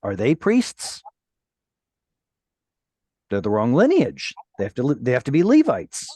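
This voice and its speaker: Slow, careful male Hebrew teacher. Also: mid-range voice, huge pitch swings, mellow, breathy edge, dry recording, studio quality. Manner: patient, explanatory, reads Hebrew slowly and carefully. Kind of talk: online Hebrew class. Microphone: video call.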